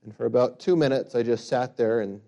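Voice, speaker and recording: Preaching man, loud emphatic peaks and quiet pulls back. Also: medium pitch, gravelly, lo-fi sound. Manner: builds to loud emphatic peaks, then drops to quiet reflection; reads scripture slowly and forcefully. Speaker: pastor. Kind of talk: sermon.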